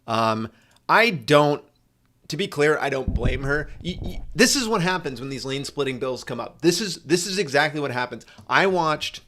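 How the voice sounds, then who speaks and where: A man's voice: on the high side, animated, moderate pace, bright, forceful tone. Profane, rambling man live-streaming. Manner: rambling, profane, restarts often. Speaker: motorcycle streamer. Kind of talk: casual live-stream chat.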